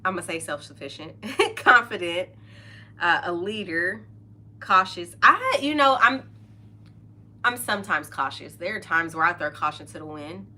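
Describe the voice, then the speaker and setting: A woman's voice: fairly low pitch, very animated, a little slow, bright, forceful tone. A middle-aged woman hosting a podcast, chatting casually and openly, often laughing and trailing off mid-sentence. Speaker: podcast host. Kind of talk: casual chat.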